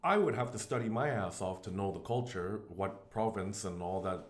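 A Canadian man chatting casually as a podcast guest, blunt and animated, swearing freely. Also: fairly low pitch, moderate pace, reverberant. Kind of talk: casual chat.

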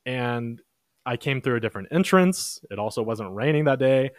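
A young man hosting a podcast, casually telling a long story in a relaxed, chatty way and lifting his voice when he quotes others. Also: medium pitch, moderate pace, dry recording, clean studio sound. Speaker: podcast host.

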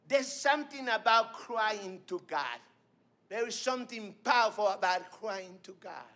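High-voiced fervent preacher, slow and soaring. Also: male voice, animated. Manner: fervent, rising to shouts then dropping soft. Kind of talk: sermon.

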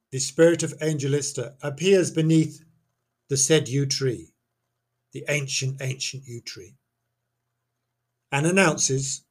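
A man telling a local ghost legend in a chatty, playful way, full of theatrical asides and exclamations. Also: fairly high pitch. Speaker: folklore storyteller. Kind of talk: casual folklore storytelling.

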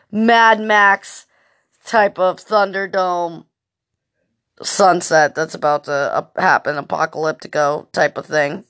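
A woman's voice: lowish voice, a bit bright. A woman hosting a podcast in a casual monologue, telling rambling stories full of swearing and fillers. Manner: profane, rambling storytelling with lots of fillers. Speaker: podcast host.

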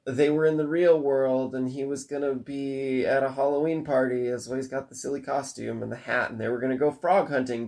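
A man's voice: mid-range voice, darkish tone. A man casually retelling a cartoon plot in long run-on sentences, rambling and occasionally swearing. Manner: rambling, run-on, profane, breathless recap. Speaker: storyteller recapping a cartoon. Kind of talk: casual chat.

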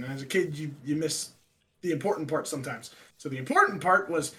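Young guy, high voice, lively swearing storyteller in casual chat. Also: brisk. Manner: animated, swearing, acts out quotes loudly.

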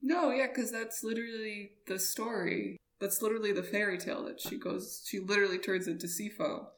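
A woman's voice: medium pitch, steady tone, brisk. A woman in casual chat with her co-host, answering in a dry, matter-of-fact way. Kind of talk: casual movie recap chat. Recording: roomy echo.

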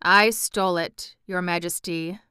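A woman's voice: on the low side, steady tone, unhurried, sharp tone, smooth, dry recording, studio quality. A woman reading as a humble, shy vagabond man. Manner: earnest, humble, plain-spoken. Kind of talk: audiobook character reading.

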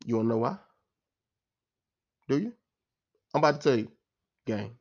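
A man rants about a game in a casual, exasperated way, circling back on his points and throwing in slang. His voice sits at an everyday middle pitch. The recording sounds dull and lo-fi. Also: lively intonation, normal speed, vocal fry, darkish tone. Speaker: sports fan commentator. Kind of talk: casual post-game rant.

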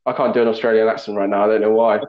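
A young man hosts a loose podcast chat, teasing his guest and quick to joke. His voice sits at a middle pitch. The recording sounds roomy and a little dull. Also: flat delivery. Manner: jokey and teasing, quick to laugh. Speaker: podcast host. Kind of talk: casual chat.

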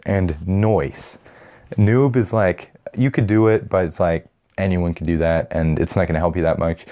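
A young video host with a low, dark-toned voice casually explains and ranks strategies for a classroom game. He's chatty and rambling, correcting himself as he goes.

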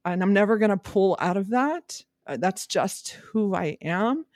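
A woman's voice: medium pitch, expressive, measured pace, a little mellow, dry recording, clean studio sound. A woman real estate agent talking candidly in a podcast monologue, emphatic, direct and emotional.

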